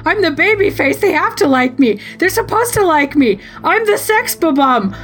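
Woman puts on a sniveling young wrestler guy, shrill and pleading, much higher than her own voice. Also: very animated, normal speed, a bit bright, faint music behind, exaggerated voice. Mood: panicked. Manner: high pleading whimper. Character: whiny insecure young male wrestler, sniveling.

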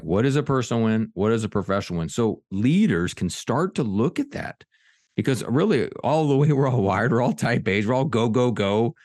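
Middle-aged male podcast guest, low voice, fired-up and earnest, dry close mic. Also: dry recording. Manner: energetic, earnest, many restarts. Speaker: executive coach and author, guest. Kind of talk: podcast interview storytelling.

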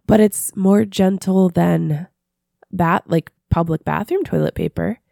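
Hoarse, very gravelly woman. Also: on the low side, measured pace, mellow, no echo, studio quality. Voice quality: husky. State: hoarse from a sinus infection. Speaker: podcast co-host. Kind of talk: casual chat.

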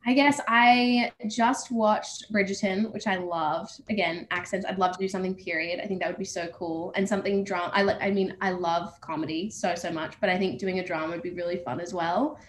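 A woman's voice: fairly low pitch, steady tone, brisk, few pauses. A young woman, an actor, chatting casually and bubbly in an interview over a video call. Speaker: actor guest. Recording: echoey room with faint noise.

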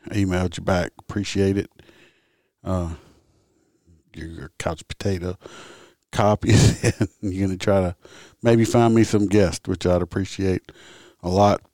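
A man's voice: deep voice, steady tone, unhurried, long pauses, warm tone, no echo, clean studio sound. A man who hosts a podcast and works as a traffic officer, telling stories in a casual, rambling, blunt way with the odd curse word. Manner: rambling, blunt, occasional swearing. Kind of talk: casual storytelling monologue.

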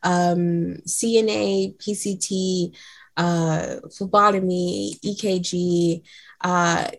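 A woman's voice: lowish voice, fairly even intonation, slow, creaky. A woman, a bubbly podcast guest who chats casually with plenty of ums. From Queens, New York. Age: 20s. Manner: bubbly, many filler ums.

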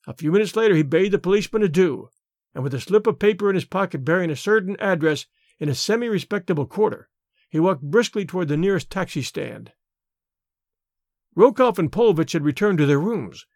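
A man narrating an audiobook in a steady, even storytelling manner. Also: sits high, a little fast, dry recording, studio quality. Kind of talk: scripted narration.

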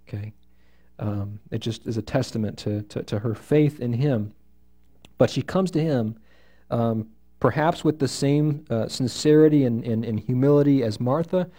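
A man leads a Bible study for a small group in a room, reading passages and unpacking them. His voice sits a little high for a man but has a mellow tone. He keeps his delivery animated and asks the group questions as he goes. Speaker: Bible teacher.

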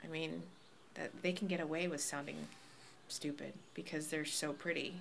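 A woman's voice: deep voice, steady tone, normal speed, creaky, slight background noise. A woman chatting casually on a podcast, blunt and playful, often laughing.

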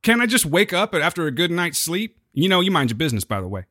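A man's voice: a little high, sing-song, fast, heavy background noise. A man co-hosting a podcast, chatting casually and teasing his co-host with frequent laughs. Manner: playful, teasing, laughs often.

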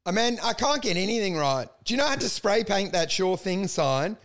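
A man with a high, bright voice co-hosts a comedy podcast. He rants in crude bursts and swings his pitch wildly as he acts out quotes. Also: brisk. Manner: animated, crude, ranting with acted-out quotes. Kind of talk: casual comedy podcast chat.

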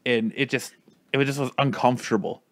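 A man's voice: mid-range voice, brisk, no room sound. A man in casual chat with friends, telling a long story in a rambling way, full of "like" and acted-out quotes.

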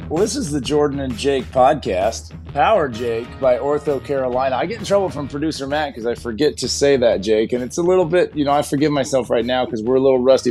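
A middle-aged man, hoarse and raspy from coaching, co-hosting a podcast in a relaxed, chatty way. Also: medium pitch, soft background music. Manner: relaxed, chatty, drawn-out sentences. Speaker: podcast co-host. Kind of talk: casual chat.

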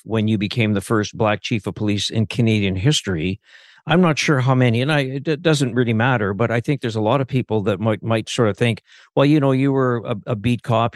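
Halting male host, dry sound. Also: on the low side, dry recording. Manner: halting, restarts often. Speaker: interview host. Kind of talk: interview questions.

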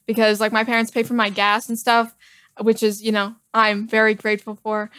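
A woman in her early twenties speaking in a fairly high voice, telling her story with dry, deadpan humor. The sound is close and dry, with no room echo. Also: normal speed. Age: 20s. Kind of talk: casual storytelling chat.

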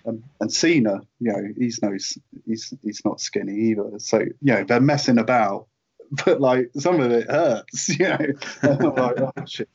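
Speaking at normal speed in a mid-range, slightly mellow and husky voice, this late-thirties man from the United Kingdom tells a meandering interview story. He's a guest who writes merchandise, and he fills the tale with fillers and laughs over dull, lo-fi call audio.

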